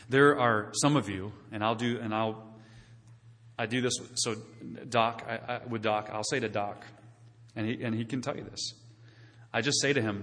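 A man's voice: mid-range voice, normal speed, a bit bright, in a large hall. A male pastor preaching a sermon in a church sanctuary, talking conversationally and putting questions to the congregation.

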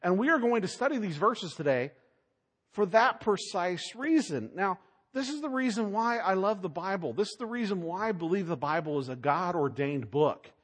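A man preaching a sermon, swinging between loud, emphatic lines and hushed asides. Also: sits high, expressive, normal speed, slightly rough. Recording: long hall reverb.

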